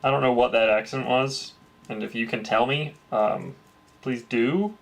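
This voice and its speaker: A man's voice: mid-range voice, unhurried, creaky. A man hosting a crafting livestream, chatting casually and answering his chat as he works. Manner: chatty, reads and greets chat, swears lightly.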